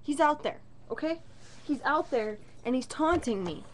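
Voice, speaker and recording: Speaking at an ordinary pace in a high voice, this woman vlogs from her bedroom. Her storytelling rant is animated and fed up, and she swears a lot.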